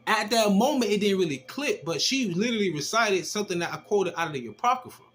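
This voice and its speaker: A man casually telling a personal testimony, animated and slangy, with rough language as he acts out the exchanges he describes. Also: high voice, fast talker, slight background noise. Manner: animated, slangy and profane, acting out quoted exchanges. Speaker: storyteller giving a personal testimony.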